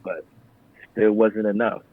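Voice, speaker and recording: A man's voice: slow, gravelly, phone-quality sound. A young man and Marine veteran, a podcast guest, telling his story casually with plenty of swearing and acted-out customer voices. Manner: profane, animated storyteller who acts out customers in higher voices. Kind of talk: casual conversational interview.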